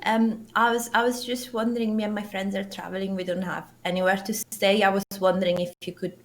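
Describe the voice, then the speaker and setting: A woman playing a tabletop game, speaking hesitantly and softly. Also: medium pitch, level tone, brisk. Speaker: player.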